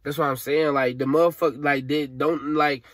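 A man's voice: a little high, fairly even intonation, normal speed, a bit bright, dry recording. Tearful young man venting. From Alabama, USA. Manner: frustrated, rambling, profane, slangy. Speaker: vlogger. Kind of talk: emotional vent to camera.

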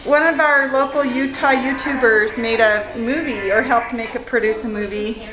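A woman's voice: a little high, fairly even intonation, normal speed, reverberant, poor audio. A young woman vlogging casually at home, chatty and giggly, with lots of filler words. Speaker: family vlogger. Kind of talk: casual family vlog. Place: busy family home with children.

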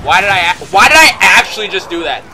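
A high-voiced man talks over his own gameplay, his pitch jumping all over as he curses and yells in bursts. Clear game noise runs under his voice the whole time. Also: fast. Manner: excitable and profane, bursting into shouts. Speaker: gameplay commentator. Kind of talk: live gameplay commentary.

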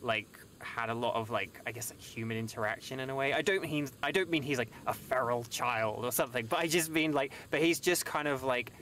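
A man's voice: medium pitch, a little fast, few pauses, fairly bright tone, slight background noise. A young British man, a guest voice actor, chatting casually on a game stream, hedging and rambling with lots of fillers. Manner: rambling, hedging, lots of likes and kind-ofs.

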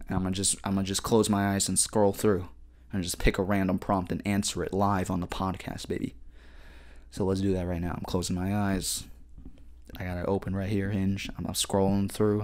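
A young man hosting a podcast, ranting in a casual, slangy, profane way and telling a story, with "dog" and "bruh" at the ends of many sentences. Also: fairly low pitch. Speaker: podcast host. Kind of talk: casual solo podcast rant. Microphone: podcast microphone.

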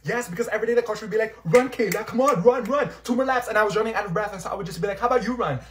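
A man voicing a sassy, dramatic teenage schoolgirl who tells stories loudly and with animation in a comedy skit. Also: high-pitched, rapid-fire, echoey room, a little hiss or hum, voice pushed up, close to an everyday voice. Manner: loud, animated storytelling.

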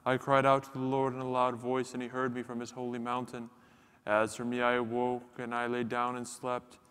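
Man chanting in a flat monotone. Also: medium pitch, moderate pace, clean tone. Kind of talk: liturgical chanting of prayers and psalms. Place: church. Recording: long church reverb.

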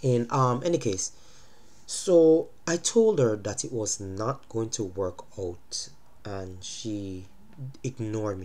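A man's voice: lowish voice, slow, a little mellow. A young man with a stuffy cold giving relationship advice in a casual vlog, lecturing and checking in with "you understand?". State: congested from a cold. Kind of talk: casual talking-to-camera monologue.

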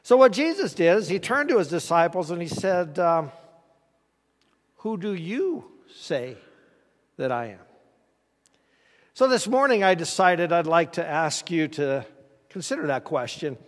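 A man's voice: sits high, very animated, normal speed. A man preaching a conversational sermon as pastor, folksy and asking the congregation questions in a church sanctuary. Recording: reverberant church hall.

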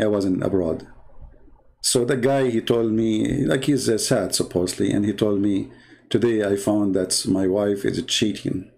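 A man's voice: lowish voice, gravelly, darkish tone. A man from the Middle East with an Arabic accent and broken English grammar, ranting in a sarcastic, mocking monologue. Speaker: religious debate commentator.

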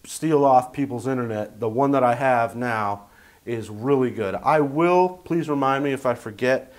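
A man's voice: medium pitch, moderate pace. A man chatting casually to camera as a vlogger from his tiny house, rambling and jokey with lots of fillers.

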